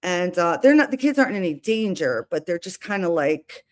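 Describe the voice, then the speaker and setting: Chatty woman streamer, fairly low voice. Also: very animated, fairly quick. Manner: chatty, rambling with restarts and asides. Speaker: livestream host. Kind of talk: casual livestream talk.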